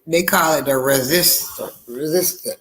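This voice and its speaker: A woman's voice: sits low, moderate pace, fairly bright tone. A woman co-host in casual chat, talking in a rambling way with frequent restarts and easy laughter.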